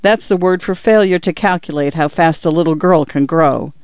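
A divorced father in a storybook reading, soft and playful as he teases his little girls, voiced by a male narrator. The voice sits a little high, close and dry, with a slightly muffled sound. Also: moderate pace, dry recording, natural voice. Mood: teasing. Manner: playful, tender. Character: divorced father, gently teasing his young daughters.

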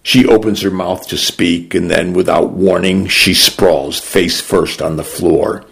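A man narrating a story in the first person, in a measured, unhurried and somber way. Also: low voice, fairly even intonation, gravelly, fairly bright tone.

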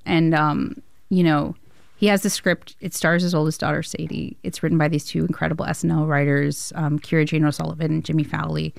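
A woman's voice: lowish voice, brisk, gravelly, no echo. A woman film director, a guest on an interview show, telling a story casually, laughing often and acting out what people said. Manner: animated, laughs often, acts out dialogue.

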